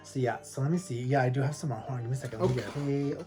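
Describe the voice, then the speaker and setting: A man talking casually at home as a plant-collector vlogger, rambling and animated, with frequent laughs. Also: mid-range voice, racing, over music. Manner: rambling and animated, laughs often, lots of fillers. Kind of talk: casual chatty storytelling. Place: at home with houseplants.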